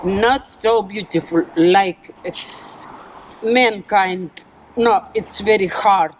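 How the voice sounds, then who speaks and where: An older woman, a flower seller whose first language is Estonian, speaking English haltingly and searching for words outdoors. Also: mid-range voice, a little hiss or hum, poor audio. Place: outdoors at town gates.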